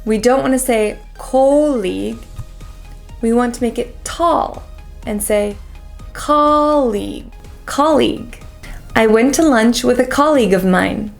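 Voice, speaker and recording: A woman with an American accent teaching pronunciation as a coach, drilling each word slowly and carefully with many repeats. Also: fairly high pitch, gravelly, a little mellow, soft background music. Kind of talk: pronunciation lesson.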